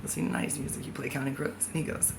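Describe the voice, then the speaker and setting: A woman's voice: a bass voice, level tone, very fast, creaky. A woman in a rambling vlog monologue, free-associating and jumping from thought to thought, often laughing as she talks. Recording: background noise.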